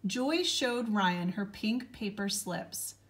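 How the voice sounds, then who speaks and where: Slow, gentle woman storybook narrator. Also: medium pitch, expressive. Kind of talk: children's storybook read-aloud.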